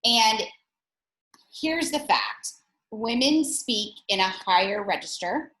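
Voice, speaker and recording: A woman instructor teaching an online presentation workshop over a video call, speaking in a direct and energetic way with frequent restarts. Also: a little high, reverberant, rough recording.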